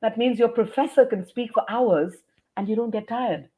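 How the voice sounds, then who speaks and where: A woman who works as an educator and trainer answers questions as an interview guest. Her warm, slightly high voice moves at a moderate pace, and she makes points emphatically like a teacher, sounding out words.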